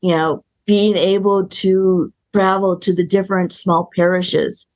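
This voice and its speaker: A woman filmmaker answers questions in a casual interview. Her speech is thoughtful and halting. She often stops mid-word and starts over. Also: fairly low pitch, fairly even intonation, darkish tone. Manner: thoughtful, halting, with many restarts and ums. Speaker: filmmaker guest.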